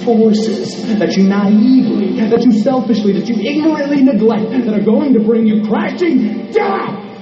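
An actor playing an eerie, theatrical male wrestling villain in a promo, with slow, drawn-out, menacing delivery. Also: extremely high pitch, animated. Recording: muffled, echoey clip with loud music.

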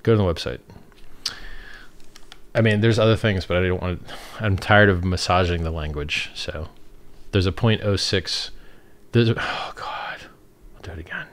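A man's voice: deep voice, moderate pace, pauses often. A man hosting a livestream, reading chat questions and answering them in a rambling, off-the-cuff way and laughing at his own remarks.

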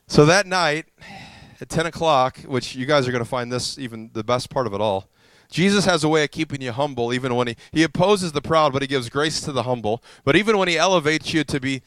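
A male pastor telling a story in a sermon, animated and self-deprecating, acting out what others said to him. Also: mid-range voice, normal speed, clean tone, no room sound.

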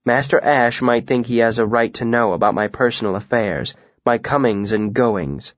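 A man's voice: medium pitch, moderate pace, dry recording, lo-fi sound, close to an everyday voice. A man voicing a playful, teasing young woman in an audiobook, with a dry, lilting delivery. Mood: fond.

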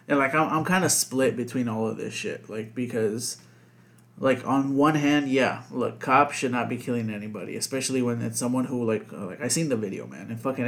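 A man's voice: mid-range voice, gravelly. A man co-hosting a casual podcast chat, rambling with lots of fillers and constant swearing. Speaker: podcast co-host.

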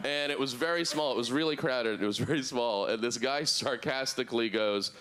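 A man in his thirties doing a deadpan, absurd stand-up routine on a club stage, jumping up into a high voice for the people he quotes. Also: brisk, few pauses, a little hiss or hum. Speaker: stand-up comedian. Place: comedy club stage before a live audience.

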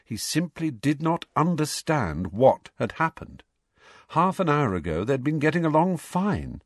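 A man reading an audiobook in an expressive storytelling manner. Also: on the low side, a little slow, no room sound, clean studio sound. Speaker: audiobook reader. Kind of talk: audiobook narration.

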